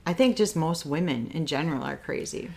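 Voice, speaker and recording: A woman's voice: low voice, expressive, a little fast, a little mellow. A middle-aged woman co-hosting a podcast with her daughter, tossing in dry, teasing remarks in casual chat. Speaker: podcast co-host, the mother.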